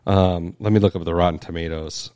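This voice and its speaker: A man's voice: sits low, steady tone, a little fast, darkish tone, clean tone. A man co-hosting a casual chat show, rambling loosely with plenty of fillers. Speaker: podcast co-host.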